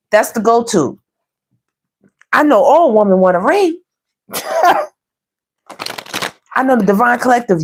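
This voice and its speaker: A woman's voice: on the high side, a little mellow, slight background noise. A woman doing a casual online tarot reading, chatty and playful, who laughs often and talks straight to her viewers. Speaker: tarot reader.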